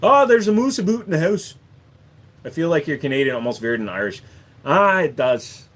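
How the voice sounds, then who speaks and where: A man hosting a relaxed livestream Q&A, joking with viewers and sliding into accent impressions. His voice sits a little higher than most men's. He speaks into a desk microphone. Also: moderate pace. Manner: jokey, slips into accent impressions. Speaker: livestream host. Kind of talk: casual livestream Q&A chat.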